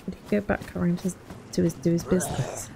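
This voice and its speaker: A woman's voice: fairly low pitch, flat delivery, fast, vocal fry, noisy background. A young woman commenting wryly to herself as she plays a survival game for her channel. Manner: chatty, wry self-talk while playing. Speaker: gaming channel host. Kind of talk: casual gameplay commentary.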